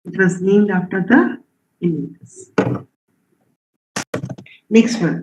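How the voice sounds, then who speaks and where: Over roomy, dull lo-fi stream audio with slight background noise, a programming instructor lectures live online in a slow, slightly mellow mid-range voice with long pauses. He quizzes students, reads out what they answer, and frequently asks "okay?" and "right?"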